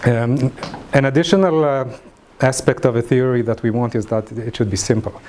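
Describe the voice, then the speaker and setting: A man giving an academic lecture, halting, with many fillers and restarts. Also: mid-range voice, steady tone, darkish tone, slight background noise.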